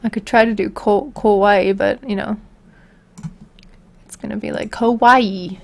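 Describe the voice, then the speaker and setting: A woman's voice: mid-range voice, steady tone, normal speed, vocal fry, darkish tone. A woman on a casual livestream, answering viewer questions in a rambling, giggly, self-deprecating way.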